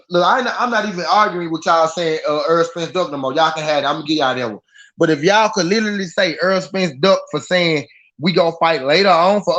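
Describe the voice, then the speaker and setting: Heated and swearing freely, a man hosts a live boxing talk stream in a high-pitched, slightly bright voice, hammering his points by saying them again and again. His live-stream mic sounds lo-fi.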